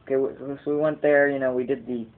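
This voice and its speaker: A man's voice: medium pitch, level tone, fast talker, narrow, tinny audio. A teenage boy rambling through a casual video blog, digressing often and swearing casually. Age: teens. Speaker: vlogger.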